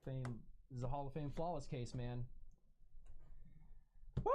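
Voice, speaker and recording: A man's voice: medium pitch, fairly even intonation, unhurried, pauses often. A man on a live card break stream, exclaiming in amazement at the cards. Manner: amazed exclamations, counting out details.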